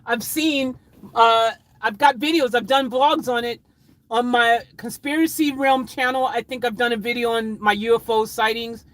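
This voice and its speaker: A man chatting casually on a livestream, reading out chat comments and rambling excitedly with frequent laughter. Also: very high-pitched, normal speed, rough recording.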